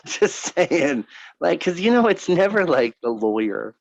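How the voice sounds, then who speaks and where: A man's voice: a little high, big pitch swings, slow, vocal fry, dry recording, highs cut off. A man co-hosting a casual podcast chat, joking and laughing often. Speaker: podcast co-host.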